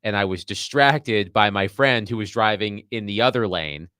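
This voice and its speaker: Radio cohost guy, lowish voice, easygoing chat, dry studio. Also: moderate pace, bright, forceful tone, smooth, no echo. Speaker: radio co-host. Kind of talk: casual radio banter.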